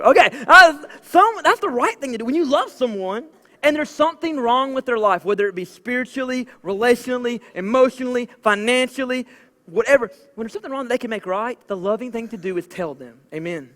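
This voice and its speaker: High-voiced Southern pastor, chatty sermon. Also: male voice, animated, fairly quick, pushed and bright. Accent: Southern American. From American South. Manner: casual, chatty preaching with many "like" fillers. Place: church auditorium. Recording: long church hall reverb.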